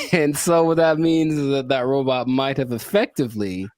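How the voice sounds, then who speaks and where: A man's voice: mid-range voice, fairly even intonation, measured pace, darkish tone, no echo, studio quality. A man co-hosting a podcast in casual chat, rambling and self-deprecating, laughing often at himself. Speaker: podcast co-host.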